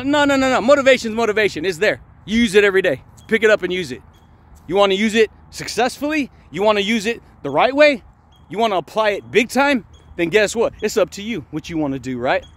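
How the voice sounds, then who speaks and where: A man's voice: sits high, fairly bright tone. A man giving a casual, hyped motivational monologue while walking outdoors, peppering his talk with slang like "dude" and "baby". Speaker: motivational speaker.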